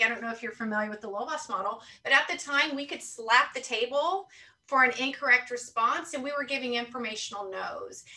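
A woman's voice: a little high, sharp tone, far from the mic, rough recording. A woman guest on an interview podcast, speaking earnestly and thinking aloud, often checking in with "right?". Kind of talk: reflective conversational interview talk.

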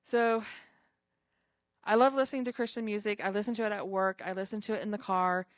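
A woman's voice: medium pitch, steady tone, brisk, dry recording. Chatty woman pastor, dry close sound. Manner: conversational, reads and quotes scripture, chatty asides. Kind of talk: informal sermon to a small group.

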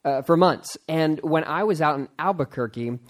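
A man who is a pastor, hosting a casual podcast interview, excitable and quick to laugh as he rambles through stories. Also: on the high side.

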